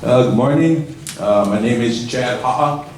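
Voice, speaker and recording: A man's voice: mid-range voice, a little slow, noisy background. A man from Hawaii giving impassioned, insistent public testimony at a planning meeting. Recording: echoey meeting room from far off.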